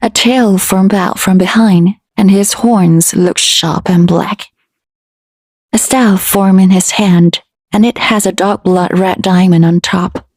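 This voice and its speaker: A woman storyteller reading a fantasy romance aloud in a steady, unhurried way. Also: medium pitch, no room sound.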